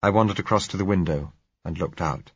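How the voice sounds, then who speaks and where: A man reading a novel aloud in measured, first-person narration. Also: deep voice, husky, dry recording. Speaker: audiobook narrator. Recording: dull lo-fi recording.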